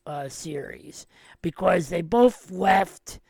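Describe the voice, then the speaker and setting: A man's voice: sits high, animated, slow pace, creaky, darkish tone, husky, no echo. A man hosting a podcast, giving a casual and enthusiastic film review and retelling scenes at length. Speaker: podcast host.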